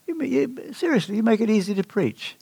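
Older male preacher, gravel in the voice, dry sound, storytelling delivery with big emphatic leaps. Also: high voice, lively intonation, brisk, dark tone, no room sound. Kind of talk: sermon.

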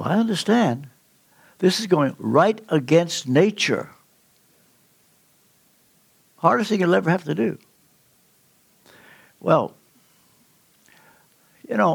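An older man preaching a sermon in a church, telling a personal story with earnest, slow, emphatic pauses. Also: a little high, creaky. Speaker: pastor. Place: church sanctuary.

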